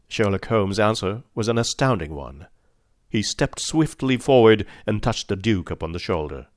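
A man narrating an audiobook in a measured, formal manner. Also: lowish voice, expressive, no echo, studio quality.

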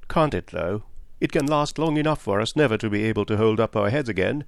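A man reading an audiobook plays an agitated, proud country gentleman who blusters and pleads by turns, raising his voice. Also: lowish voice, animated, fairly quick, gravelly, no echo. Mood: grumbling.

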